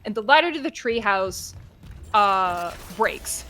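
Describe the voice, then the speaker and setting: A woman's voice: mid-range voice, lively intonation, takes it slowly, sharp tone, slight background noise. A woman streamer casually retelling a story in a rambling way, with many fillers.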